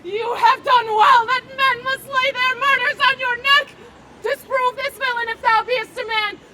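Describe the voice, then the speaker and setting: A woman's voice: extremely high pitch, fairly even intonation, a little slow. A teenage girl playing Emilia, a loyal and outraged maidservant, crying out and scolding in Shakespeare verse. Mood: anguished. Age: teens. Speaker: student actor. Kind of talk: outdoor Shakespeare performance. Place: outdoor park stage. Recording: noisy outdoor park performance with crowd.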